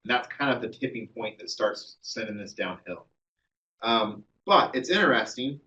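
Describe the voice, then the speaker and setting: A man's voice: medium pitch, expressive, moderate pace, sharp tone, distant mic, poor audio. A man giving a classroom history lecture, telling the story conversationally with many ums and uhs.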